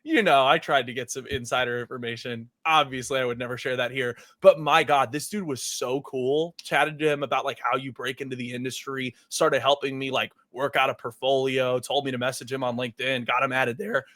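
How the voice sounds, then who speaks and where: A young man co-hosting a podcast, telling animated stories with lots of swearing and laughter. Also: medium pitch, brisk, hardly any pauses, dry recording, studio quality. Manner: animated storytelling, swears a lot, laughs often. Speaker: podcast co-host. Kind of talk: casual podcast chat.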